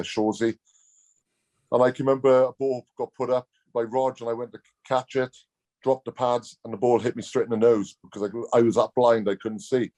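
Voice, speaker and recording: A man's voice: medium pitch, dark tone. A Welsh man, a former rugby player, telling stories as a guest in a casual, blunt way, laughing often. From Wales. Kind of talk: casual storytelling.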